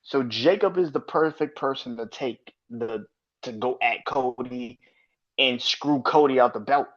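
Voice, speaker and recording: Speaking unhurriedly in a mid-range voice, a man hosting a podcast delivers casual, opinionated wrestling commentary that's blunt and profane. Audio quality is slightly dull and lo-fi.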